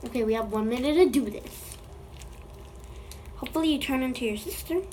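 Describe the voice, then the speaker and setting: A woman's voice: sits high, brisk, a little mellow, slight background noise. A woman making a slime vlog, playfully chatting to the slime as if it were alive, recorded on a phone. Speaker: slime video creator.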